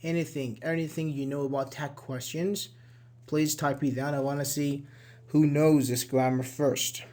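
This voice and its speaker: A man's voice: a little high, fairly even intonation, normal speed, darkish tone. A man teaching an English grammar lesson in an online class, explaining patiently and repeating key words, with frequent "uh" and "okay".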